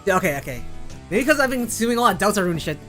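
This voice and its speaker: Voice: medium pitch, very animated, very fast, bright, forceful tone, faint music behind. A game streamer chatting casually between reading dialogue, with giggly, self-mocking asides.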